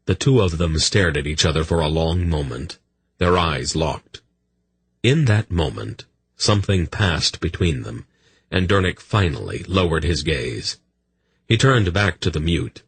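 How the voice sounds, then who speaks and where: A man reading a fantasy audiobook in a steady, measured narration. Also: deep voice, breathy edge, dry recording.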